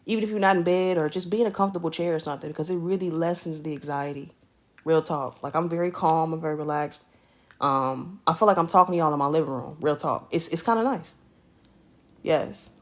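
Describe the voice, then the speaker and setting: A woman streaming live from her bed at home, greeting viewers by name in animated, slangy casual chat. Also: low voice, a little fast.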